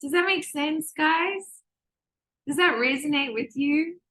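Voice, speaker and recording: Bright, animated woman teaching a group. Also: sits high, slow. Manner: animated, acts out quoted voices. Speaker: manifestation course teacher. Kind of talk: live online group session.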